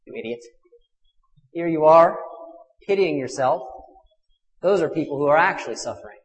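A man in his thirties, a minister, telling a personal story in a sermon, swinging from fierce loud passages to hushed ones. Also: on the high side, lively intonation, moderate pace. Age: 30s. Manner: intimate confessional storytelling with dramatic swells and hushed drops. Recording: long hall reverb.

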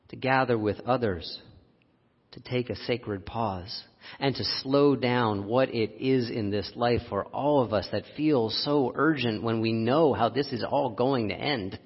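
A man preaching a sermon, telling a personal story with frequent laughs and an animated delivery. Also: mid-range voice, measured pace, gravelly, breathy edge. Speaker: pastor. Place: church sanctuary. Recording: dull lo-fi audio, long hall reverb.

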